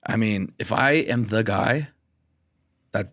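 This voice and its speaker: A man co-hosting a podcast in casual chat, excitable and animated, often saying "dude". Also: lowish voice, takes it slowly. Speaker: podcast co-host.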